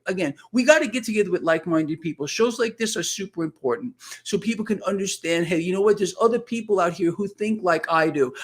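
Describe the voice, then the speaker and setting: A man's voice: sits high, fairly bright tone. A man speaking as a guest in an impassioned, emphatic way. He gets worked up and repeats words as he pushes his points. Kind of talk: impassioned casual talk.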